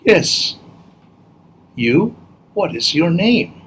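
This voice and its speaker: A man doing a flock of gentle shorebirds in a storybook, pitched well above a normal speaking voice and sounding kind and encouraging. The slow, unhurried telling leaves room for each word. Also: sing-song, a little hiss or hum, full character voice. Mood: kind, inviting. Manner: high, kindly, encouraging. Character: friendly shorebirds, gentle and welcoming.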